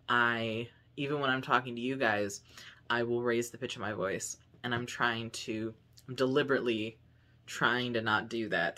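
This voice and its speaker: A young man talks casually to his camera at home in a vlog. His voice sits at a middle pitch for a man. He is chatty and upbeat, rambling along with plenty of fillers. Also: sharp tone. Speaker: vlogger. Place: home room.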